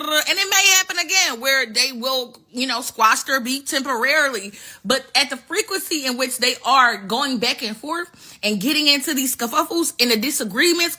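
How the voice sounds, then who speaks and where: A woman hosting a talk show, giving sassy, profane, animated commentary on world news in a casual street style. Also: sits high. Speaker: host.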